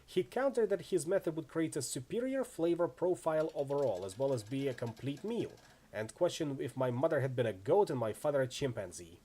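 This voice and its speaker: A man's voice: a little high, lively intonation, fairly quick, warm tone, breathy edge. A man voicing a brash, tough female mercenary in a game reading, telling stories in a chatty, wry way.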